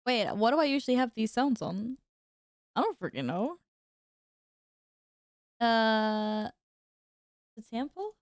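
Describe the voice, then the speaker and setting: A woman's voice: fairly high pitch, very animated, slow, pauses often, dry recording. A woman streaming a game, chatting casually with her viewers while she fixes her audio. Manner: flustered, talks to chat while fixing audio. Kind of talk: casual live-stream chat.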